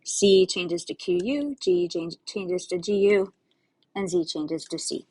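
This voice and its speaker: A woman's voice: fairly low pitch, a little slow, a little mellow, husky. A woman Spanish teacher giving a recorded lesson, explaining step by step to her students in a patient, casual way with friendly asides.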